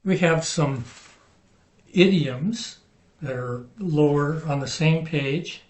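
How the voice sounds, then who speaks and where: A man's voice: a little high, darkish tone. A man teaching a Hebrew vocabulary lesson, patiently giving each word, its meaning and where the stress falls. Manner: slow, patient, spells out words and stresses. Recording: roomy sound from a distant mic.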